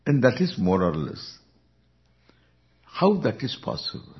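A man with an Indian accent, a spiritual teacher giving an unhurried Vedanta discourse, chuckling often as he speaks. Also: fairly low pitch. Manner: unhurried, chuckling, lively intonation. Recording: dull lo-fi recording.

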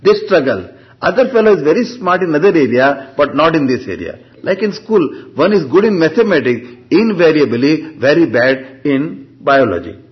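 A man, teaching Vedanta and Sanskrit in a classroom lecture. He keeps quizzing the class with rhetorical questions and answers them himself, and he reads out Sanskrit terms slowly. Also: on the high side, big pitch swings. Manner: slow, deliberate reading of Sanskrit terms. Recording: dull lo-fi lecture recording.

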